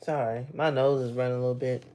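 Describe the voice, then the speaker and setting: A young man with a rather high-pitched voice, chatting casually with viewers on a livestream and laughing often. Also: little pitch movement, fast, warm tone. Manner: laughs often, loose and playful, teases chat. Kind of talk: casual live chat.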